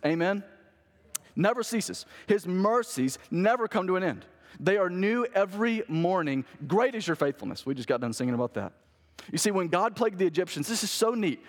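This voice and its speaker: A man, a pastor, delivering an animated sermon and asking the congregation rhetorical questions. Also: fairly high pitch, long reverb tail.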